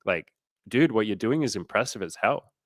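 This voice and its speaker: A man hosting a casual livestream as a dating coach, giving an energetic, profane pep talk. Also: fairly low pitch, normal speed, dry recording, clean studio sound.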